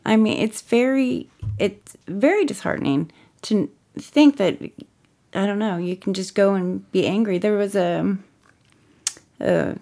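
Woman with a bit of vocal fry chiming in on a casual podcast. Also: medium pitch, expressive, a little slow. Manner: short agreeing replies, gentle. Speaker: podcast co-host.

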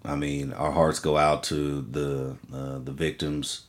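A man's voice: rumbling low, flat delivery, slow pace. A man co-hosting a podcast in casual, profane chat, often laughing as he talks. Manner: profane, laughing, loose storytelling. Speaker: podcast co-host.

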